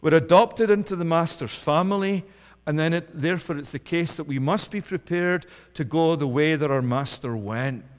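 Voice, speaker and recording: Impassioned preacher in an echoing church. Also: male voice, moderate pace. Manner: rises to impassioned, loud pleading then drops low and soft. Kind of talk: sermon. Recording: long hall reverb.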